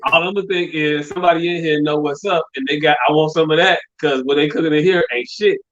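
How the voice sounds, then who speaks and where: A man's voice: fairly high pitch, steady tone, fast talker. A middle-aged man, telling rambling, profane stories as a podcast co-host and repeating "hey, look" often. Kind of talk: casual comedic chat. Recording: dull lo-fi sound.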